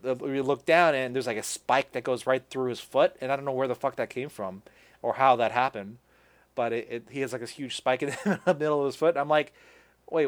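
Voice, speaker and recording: A man hosting a casual podcast, recapping a film in a loose, rambling way. His voice sits at an ordinary middle pitch. He stumbles and restarts often and swears offhandedly as he goes. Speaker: podcast host. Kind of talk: casual chat.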